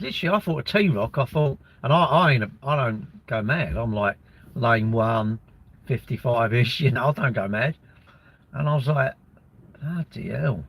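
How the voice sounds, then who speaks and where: A man chats casually on his livestream, rambling from one thing to the next with jokes and offhand swearing. His voice is husky and slightly rough, with a mid-range pitch. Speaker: livestream host reading chat. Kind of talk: casual chat.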